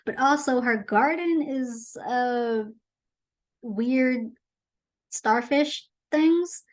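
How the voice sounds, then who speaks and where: A woman with a slightly high voice hosts her own commentary show, speaking very slowly. Chatty and animated, she retells a movie in a casual, conversational way.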